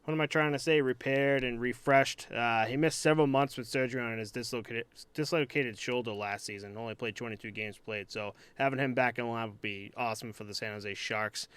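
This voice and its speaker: Guy cohosting a podcast, rambly and unsure, lots of likes, smooth clear voice, dry sound. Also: mid-range voice, steady tone, brisk, few pauses, a bit bright, no echo. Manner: rambling and hesitant, heavy on "like" and restarts. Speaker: podcast co-host. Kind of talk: casual sports chat.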